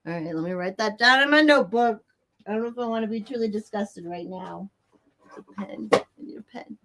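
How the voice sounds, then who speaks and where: Indoors near a bright window, a woman hosts a casual livestream, reading viewers' comments and ranting with plenty of profanity and nervous laughter. Her voice is medium-pitched and fairly quick, with slight background noise.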